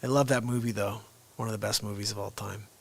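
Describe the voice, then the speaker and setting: A man's voice: fairly low pitch, steady tone, fast, gravelly, noisy background. A man chatting casually with his viewers while hosting a livestream. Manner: chatty, talks straight to viewers. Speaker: livestream host.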